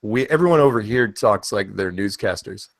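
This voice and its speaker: A man's voice: fairly low pitch, lively intonation, moderate pace, dry recording. An American man hosting an online panel chat, rambling and joking in a casual way. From United States. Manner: rambling, joking, self-deprecating.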